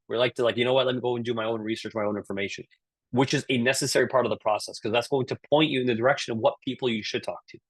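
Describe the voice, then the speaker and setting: Fast-talking Canadian man, dry close sound. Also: mid-range voice, no room sound. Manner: energetic, frequent "right?" tag questions. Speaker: career speaker at a virtual session. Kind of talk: live online talk.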